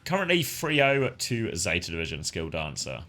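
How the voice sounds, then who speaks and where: A man's voice: low voice, sing-song, normal speed, pushed and bright, soft background music. A man co-casting an esports match in casual chat, laughing often and swearing casually. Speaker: esports co-caster.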